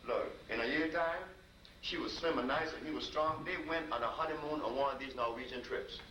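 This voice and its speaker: A man, a healer, tells stories to a live audience in a lively, conversational way, talking straight to his listeners. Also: medium pitch, fairly quick. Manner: animated, conversational storytelling with asides to listeners. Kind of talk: storytelling talk to a live audience. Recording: roomy, distant mic with noise.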